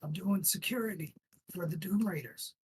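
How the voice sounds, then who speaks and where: A man's voice: high voice, normal speed, a little mellow, a little hiss or hum, pitched above the performer's own voice, close to an everyday voice, rough recording. A man voicing a frightened young man working as hired security, nervous and pleading, with a raised voice. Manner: nervous, pleading, repeating words.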